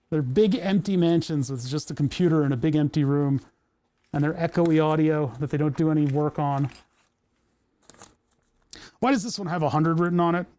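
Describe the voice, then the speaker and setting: A man's voice: fairly high pitch, a little slow, pauses often, dark tone. A man who streams on Twitch, chatting casually to himself while tinkering at his workbench, grumbling and joking.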